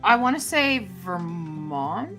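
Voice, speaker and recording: A woman chatting casually on a podcast, musing and halting as she searches for words. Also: lowish voice, very animated, a bit bright, soft background music. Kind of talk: casual chat.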